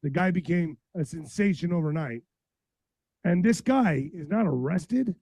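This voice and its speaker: A man hosting a political podcast livestream, blunt and profane, reading news aloud and ranting, his voice going hoarse. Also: fairly high pitch, lively intonation, measured pace, darkish tone, no room sound, low-quality recording. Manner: blunt, heated, reads news aloud then rants. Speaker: podcast host.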